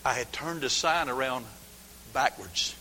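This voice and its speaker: An older man preaching a folksy sermon, swinging from hushed asides to shouted lines in a church. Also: mid-range voice, unhurried, slight background noise. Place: church sanctuary. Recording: long hall reverb.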